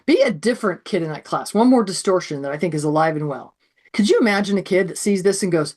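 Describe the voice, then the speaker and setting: A woman presents a math teaching webinar, talking with a sore throat. Her pitch moves a lot and she is animated, often acting out classroom scenes. Her pitch sits in the middle range for a woman. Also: normal speed.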